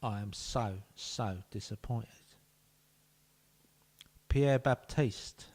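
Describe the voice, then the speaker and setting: A man's voice: mid-range voice, very slow, darkish tone. A man, streaming a football management game and talking playfully to each player, often dropping to a whisper. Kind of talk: live-streamed game commentary.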